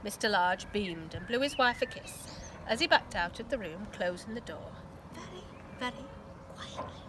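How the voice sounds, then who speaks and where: A woman teacher reading a storybook aloud to children, expressive and asking the listeners questions along the way. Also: mid-range voice, moderate pace, noisy background.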